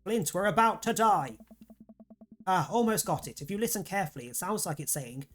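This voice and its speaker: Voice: medium pitch, expressive, quick pace, faint music behind, close to an everyday voice. A streamer voicing a panicked male trucker from a ghost-hunting show, with an exaggerated drawling accent, while reading a game aloud.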